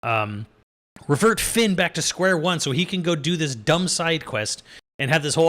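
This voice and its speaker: A man's voice: on the high side, expressive, moderate pace, a bit bright. A young adult man giving a casual, exasperated review, swearing freely and laughing as he rambles. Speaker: video reviewer. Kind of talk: casual rant.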